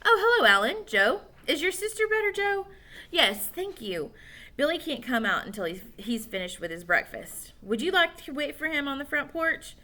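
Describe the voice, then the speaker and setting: A patient mother gently chiding her son, her voice bright and lilting, a little higher than the narration, as a woman reads her in a storybook. She speaks kindly but firmly. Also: sing-song, normal speed, full character voice. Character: patient mother, mildly scolding.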